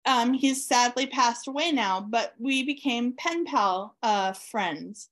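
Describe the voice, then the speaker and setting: Warmth and enthusiasm color the telling as a female author, high in pitch, relates a personal anecdote during an interview. She takes her time, and ums and uhs crop up often.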